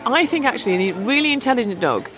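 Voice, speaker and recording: A woman's voice: a little high, animated, quick pace, a crowd in the background. A woman hosting a podcast, chatting casually and poking fun at herself, recorded at a busy show. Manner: chatty, self-deprecating, acts out voices. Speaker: podcast host. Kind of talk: casual on-location chat. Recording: busy crowded exhibition hall.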